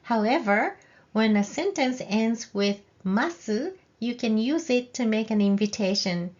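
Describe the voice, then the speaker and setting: A woman teaching a video language lesson, speaking very slowly and clearly so learners can follow. Her voice sits a little high, and she models example phrases with a rising question tone for them to repeat. The recording sounds slightly dull and lo-fi. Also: animated, a little mellow.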